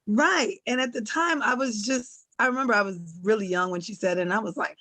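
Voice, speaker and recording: A woman's voice: fairly high pitch, fairly quick, bright, forceful tone, dry recording. A woman on a discussion panel, reflective, sharing a family saying as a story. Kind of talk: casual discussion.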